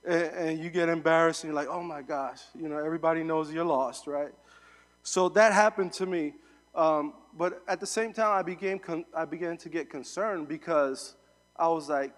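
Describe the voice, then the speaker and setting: A young adult man giving a sermon as a guest preacher, telling a story in a relaxed, conversational way with fillers. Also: a little high, normal speed, long reverb tail.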